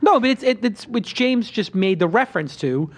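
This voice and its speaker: A man hosting a casual roundtable show, his voice sitting high for a man. He tells stories boastfully and with animation, acting out the lines of the people he met. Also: moderate pace. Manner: boastful, animated storytelling with acted-out quotes. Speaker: podcast host.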